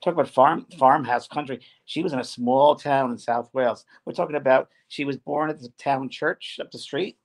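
A man's voice: mid-range voice, moderate pace, few pauses. A man who works as a spiritual medium, chatting casually and telling rambling stories. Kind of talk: casual chat.

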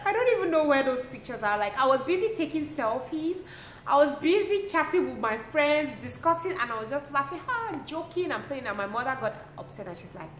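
A young woman, telling a personal story to her vlog audience in a lively, expressive way and laughing often. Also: sits high, brisk. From Cameroon. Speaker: lifestyle vlogger. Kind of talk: casual storytelling to camera. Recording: roomy with faint ambient noise.

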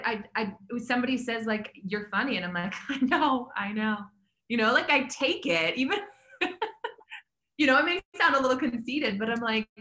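A woman's voice: fairly high pitch, pushed and bright, reverberant. A woman talking as a health coach guest in a casual interview, chatty and upbeat, with many fillers.

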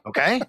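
A man's voice: dry recording, studio quality. A man, a sports radio host, telling a story as a podcast guest and acting out the other voices. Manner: animated, acts out the other voices in his story.

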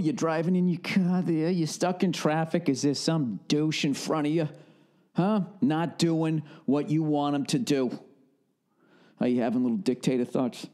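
A man's voice: on the high side, fairly even intonation, moderate pace, dark tone. A middle-aged man with a Boston accent, ranting solo as a podcast host in a casual comedic monologue, profane and laughing often. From northern United States. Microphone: studio podcast mic.

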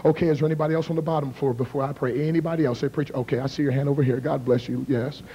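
A man in his thirties preaching a revival sermon and leading an altar call, swinging from hushed whispers to shouted appeals. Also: mid-range voice, steady tone, racing, muffled recording, slight background noise. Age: 30s. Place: large church with balcony. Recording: long reverb of a large hall.

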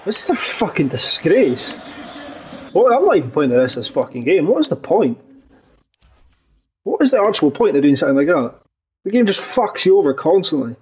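A young gaming channel host commentates his football video game in frustration, ranting and swearing a lot, his voice jumping up when he gets angry. His voice is a little high, sing-song, mellow, and slightly rough, a little fast with long pauses, on a rough recording.

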